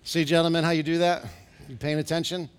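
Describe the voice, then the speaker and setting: A middle-aged man preaching a sermon as pastor in a church, asking the congregation questions and building to loud, urgent exhortations. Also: a little high, little pitch movement, fast, clear, resonant tone. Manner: preaching with rising, shouted exhortations and rhetorical questions. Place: church sanctuary.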